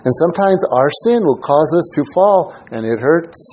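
Husky-voiced man preaching a sermon. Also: a little high, expressive, moderate pace, a little mellow, low-quality recording. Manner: conversational preaching, acts out quoted voices. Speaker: pastor.

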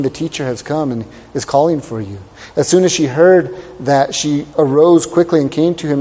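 A man's voice: a little high, dark tone, in a large hall. A male pastor preaching a sermon and reading scripture, asking rhetorical questions and drawing out words for emphasis.

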